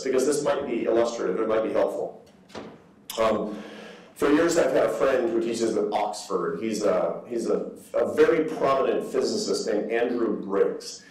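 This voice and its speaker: Fifties guy giving a talk in a big echoey hall, lively asides, mic kinda far. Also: medium pitch. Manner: animated storytelling with asides. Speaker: guest speaker. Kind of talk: public lecture.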